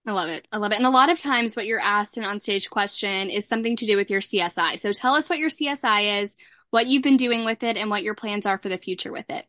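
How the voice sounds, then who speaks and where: Chatty woman host with a bright voice. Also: medium pitch, quick pace, no echo, clean studio sound. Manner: chatty, laughs often. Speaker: interview host. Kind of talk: casual interview chat.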